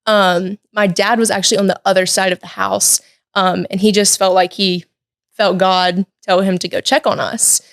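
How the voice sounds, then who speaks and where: A young woman in her late teens, a podcast guest, telling a personal story in a lively, chatty way with lots of "like" and "um". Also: mid-range voice, moderate pace, dry recording, studio quality. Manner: lively, chatty, many "like" and "um" fillers. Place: podcast studio.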